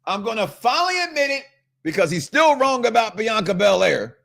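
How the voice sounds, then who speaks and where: Animated joking Midwestern man host. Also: high-pitched, brisk, vocal fry. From Chicago, US Midwest. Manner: animated, joking, keeps checking in with "okay?". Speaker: podcast host. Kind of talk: casual wrestling talk show chat.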